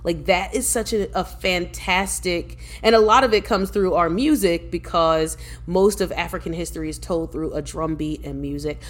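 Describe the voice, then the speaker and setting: Lively, laughing woman telling stories. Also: lowish voice, normal speed, few pauses. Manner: lively storyteller, laughs often, restarts sentences. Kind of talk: casual podcast conversation.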